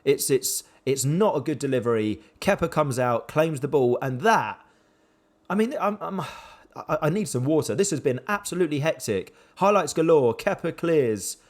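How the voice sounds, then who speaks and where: A young man commentating his own football management game with animated swings between excitement and dejection. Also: medium pitch, normal speed, few pauses. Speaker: gaming YouTuber.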